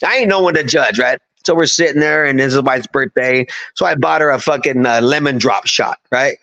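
Profane army vet with lo-fi sound. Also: male voice, medium pitch, fairly quick, vocal fry, pushed and bright. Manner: profane, heated, rambling anecdotes. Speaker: podcast guest, army veteran. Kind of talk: casual storytelling chat. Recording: dull lo-fi audio.

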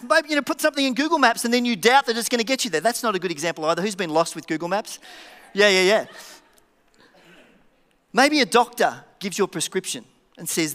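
Male pastor, lively sermon delivery with sudden hushed drops; forceful, ringing tone. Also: high voice, fairly quick. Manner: animated, joking, with dramatic drops to a hush. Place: church auditorium. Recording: church hall reverb.

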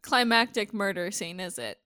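A woman's voice: mid-range voice, sing-song, moderate pace, bright, forceful tone, clear, resonant tone, no echo, studio quality. A woman co-hosting a casual podcast, chiming in with wry remarks. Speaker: podcast co-host. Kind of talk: casual chat.

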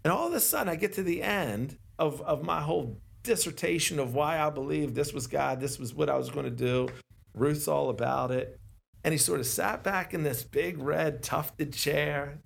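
A man's voice: fairly high pitch, moderate pace, vocal fry, breathy edge. Slangy storytelling pastor, a man. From Maryland, USA. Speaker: pastor, interview guest. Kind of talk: casual storytelling in a podcast interview.

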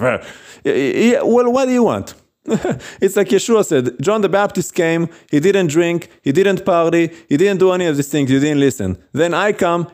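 A man delivering a stern sermon in a somewhat high voice. He scolds his listeners and slips in mocking asides. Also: a little mellow. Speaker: rabbi.

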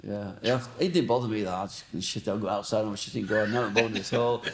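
A man's voice: lowish voice, fast talker, creaky, crowd noise. A man from Blackburn, telling rambling, sweary stories as a guest in a casual interview. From Blackburn, England. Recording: roomy echo.

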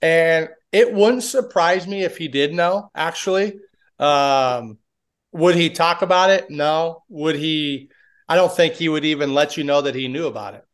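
A man's voice: on the high side, a little slow, clear, resonant tone. A man who is a baseball assistant coach, talking casually as a podcast guest and telling stories with many restarts. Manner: rambling with restarts and storytelling.

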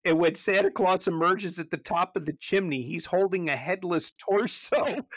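A pastor chatting casually on a podcast about a movie, animated, often restarting and repeating words as he goes. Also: no room sound. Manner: animated, jumps high when retelling scenes.

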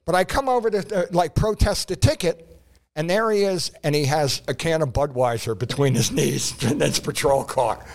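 A man's voice: a little high, normal speed, creaky. A man, a prop comic co-hosting a podcast, telling rambling anecdotes in casual chat, full of restarts and fillers.

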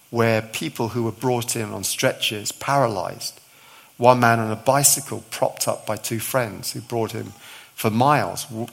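A man's voice: medium pitch, gravelly. A middle-aged male visiting preacher giving a sermon, telling a story with acted-out dialogue and touches of humour.

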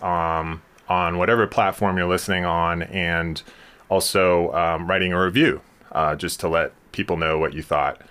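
Man, podcast host, lowish voice, casual, hesitant, lots of fillers. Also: a bit bright. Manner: hesitant, many ums and restarts. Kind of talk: casual interview.

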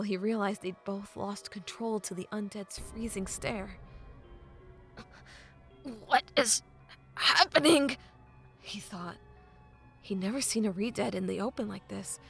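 Gravelly-voiced woman narrating a novel. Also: medium pitch. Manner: measured, often dropping to a hushed half-whisper. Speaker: audiobook narrator.

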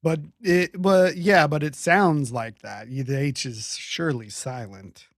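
A man's voice: fairly high pitch, measured pace, no room sound, studio quality. A man in casual chat, reading dictionary entries on word origins aloud with fillers between them.

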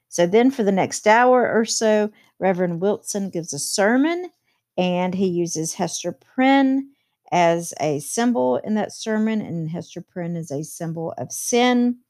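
A woman's voice: fairly low pitch, lively intonation, measured pace, darkish tone. A woman teacher explaining a novel chapter to her students, reading quotes aloud and adding plain commentary.

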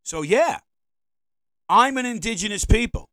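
A man's voice: sits high, lively intonation, measured pace, bright, forceful tone, dry recording, rough recording. Rambling, provocative podcast man. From United States. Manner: rambling, provocative, repeats himself. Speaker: podcast host. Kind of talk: opinionated monologue podcast. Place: indoors, seated at home.

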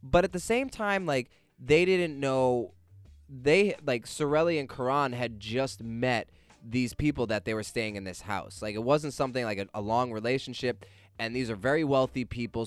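A young man casually telling a personal story out loud, animated, swearing freely and laughing as he goes. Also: mid-range voice, smooth, dry recording.

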